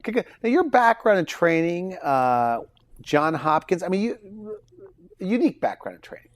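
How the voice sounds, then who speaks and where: A man's voice: high-pitched, very animated, moderate pace. A man hosting a talk show, asking eager, upbeat questions. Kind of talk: broadcast interview hosting.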